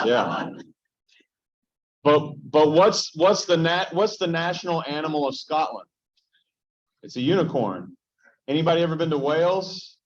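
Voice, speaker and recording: A man teaching a Bible study as pastor, joking and animated as he tells stories and puts questions straight to the small group in front of him. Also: medium pitch. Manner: joking, animated storyteller who addresses the group directly. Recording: dull, lo-fi sound.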